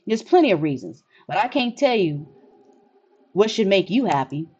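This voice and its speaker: A woman's voice: mid-range voice, big pitch swings, normal speed, a little mellow, breathy edge, muffled recording. A woman reading the lines of a relentlessly cheerful, hopeful man in a game, in an upbeat, reassuring way.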